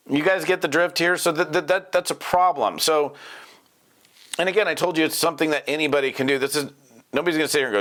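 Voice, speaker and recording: A middle-aged man coaching network marketers in an energetic, casual talk, quickly acting out bits of phone dialogue with prospects. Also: fairly high pitch. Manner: fast, animated, acts out quick prospect dialogues.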